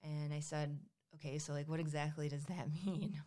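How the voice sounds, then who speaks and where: A woman's voice: sits low, flat delivery, normal speed, dark tone. A woman in her thirties telling a personal story in a candid, conversational way, with many fillers and quoted dialogue.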